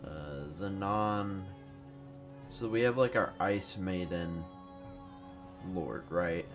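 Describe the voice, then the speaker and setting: Deep-voiced and unhurried, this man rambles through casual commentary on a strategy game, swearing and poking fun at himself. He's a bit tired, missing his morning caffeine, and struggles to find words. There's faint music in the background.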